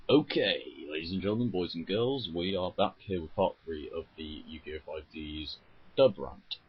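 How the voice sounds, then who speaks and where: A man's voice: sits low, normal speed, breathy edge, muffled recording. A man delivering a casual, sarcastic and exasperated vlog rant. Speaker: video ranter.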